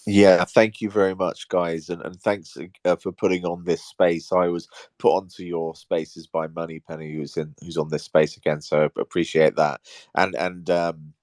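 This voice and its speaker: A man making a polite, measured statement in a live audio-room discussion. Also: low-pitched, level tone, a little mellow, no room sound. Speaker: audience member making a statement.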